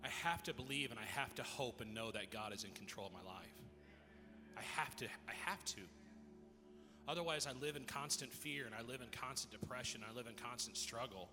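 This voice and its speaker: A man preaches to his church, telling a story haltingly and often restarting his sentences. Music plays steadily underneath him. His voice trails off into the long reverb of a large hall. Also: mid-range voice. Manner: halting, repeats words and restarts. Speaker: pastor. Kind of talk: sermon with personal story.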